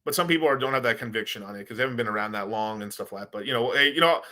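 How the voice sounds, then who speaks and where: A man's voice: medium pitch, racing, pushed and bright. A man hosting his own crypto video, rambling in a loose, profane rant with lots of swearing and laughter. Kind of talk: casual profane rant to camera.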